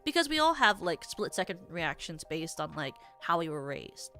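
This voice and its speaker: A woman's voice: lowish voice, very animated, normal speed, bright, forceful tone, faint music behind. A young adult woman streaming as a VTuber, chatting casually in a rambling, theatrical way with many filler words. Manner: self-described yappy, theatrical.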